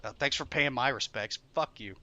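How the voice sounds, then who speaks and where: Young male streamer, bright voice, swears a lot while ranting to chat. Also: mid-range voice, moderate pace, highs cut off. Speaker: game streamer. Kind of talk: frustrated live-stream commentary. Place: home room while streaming.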